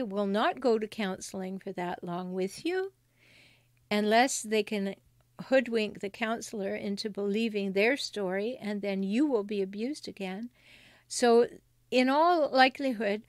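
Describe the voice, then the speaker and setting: A woman's voice: on the high side, no echo, clean studio sound. A woman hosting a solo advice podcast, speaking emphatically and directly, repeating key points. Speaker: podcast host and relationship counselor.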